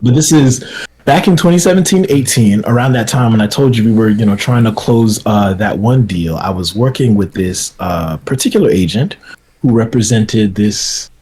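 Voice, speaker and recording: A man's voice: lowish voice, moderate pace, a little mellow. A man who is a filmmaker, appearing as a podcast guest, who talks through his stories thoughtfully with many fillers. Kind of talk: casual chat.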